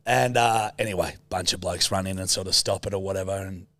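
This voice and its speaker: A man's voice: deep voice, a little fast, a bit bright, no room sound. A man with an Australian accent, a podcast co-host telling a story in casual, sweary chat.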